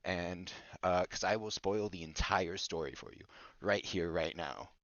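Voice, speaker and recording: A low-voiced man rambles through a silly story recap in a casual podcast chat, goofy and mock-bossy. The recording is dull, lo-fi and dry, with no room sound. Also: a little slow, fairly bright tone, no room sound. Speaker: podcast host.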